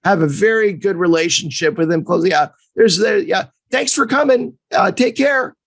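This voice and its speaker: A man's voice: high voice, moderate pace, vocal fry, no room sound, voice pushed up. A man putting on a curt, brusque hockey coach. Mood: brushing off. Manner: curt, dismissive. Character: brusque middle-aged male junior hockey coach.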